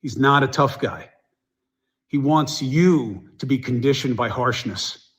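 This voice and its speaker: A man's voice: mid-range voice, a little slow. A man giving online political commentary in a blunt, indignant way.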